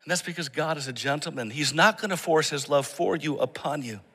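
A man preaching a sermon as pastor, swinging from raised, emphatic lines to hushed, prayerful murmurs. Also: on the high side, a little fast, breathy edge, big-room sound. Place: church service that is also streamed online.

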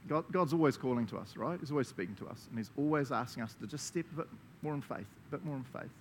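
A man with a New Zealand accent preaching a lively sermon to a congregation, laughing often and acting out the voices he quotes. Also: medium pitch, fast, slight background noise.

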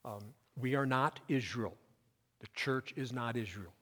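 A man preaching in a church, reading verses aloud and then building up emphasis as he explains them. His mid-pitched voice carries a long reverb from the hall around him. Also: unhurried, a bit bright. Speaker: pastor. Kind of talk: midweek sermon with scripture reading.

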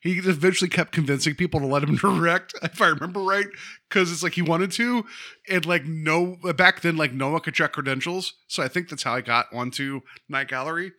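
A man's voice: on the high side, brisk, bright, forceful tone. A man co-hosting a film podcast, talking enthusiastically in a rambling way that trails off and restarts. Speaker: podcast co-host. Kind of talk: casual film chat.

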